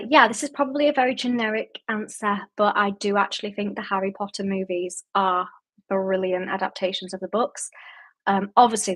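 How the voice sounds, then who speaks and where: A young woman with a Yorkshire accent hosts a casual book-chat livestream, reading out viewer comments and answering them in a relaxed, rambling way, with a lot of "like" and "um". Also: medium pitch. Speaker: booktube host.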